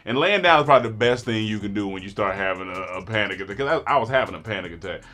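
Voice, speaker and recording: A man telling a comic story about getting too high, acting out the lines of everyone in it and laughing often. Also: racing, faint music behind. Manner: animated, acts out quotes, laughs often. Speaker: storyteller guest. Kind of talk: comedic storytelling.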